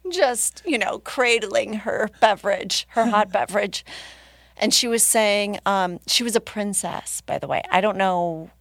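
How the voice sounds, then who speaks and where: A woman's voice: medium pitch, measured pace, vocal fry, no echo, studio quality. Woman telling a story between laughs. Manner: animated, laughing, acts out other people's lines. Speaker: podcast guest. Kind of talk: casual storytelling.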